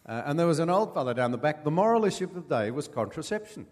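An older man with an Australian accent, a former politician telling folksy stories as an interview guest, pausing with many fillers. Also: on the high side, very animated, a little mellow, in a large hall. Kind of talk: anecdotal storytelling.

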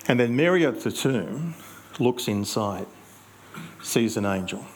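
A male pastor, preaching in a conversational storytelling way with reflective pauses. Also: mid-range voice, expressive, a little hiss or hum. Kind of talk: sermon.

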